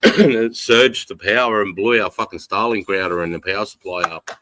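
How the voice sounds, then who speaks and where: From his home in the countryside, an Australian man hosts a casual live stream, rambling, swearing freely, and reading out chat comments. His voice is fairly low, fairly quick, and a bit bright, on a dry, rough recording.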